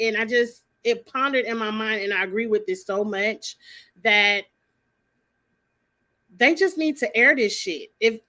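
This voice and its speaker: A woman's voice: a little high, bright, forceful tone. Sassy, blunt woman ranting. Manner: blunt, sassy, swears freely. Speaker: vlogger commenting on a reality show. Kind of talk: casual opinionated commentary.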